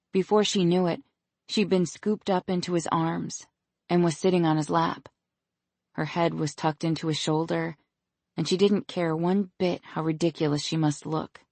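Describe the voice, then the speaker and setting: An audiobook narrator giving a measured, scripted reading of a romance novel. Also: mid-range voice, gravelly, darkish tone, no room sound.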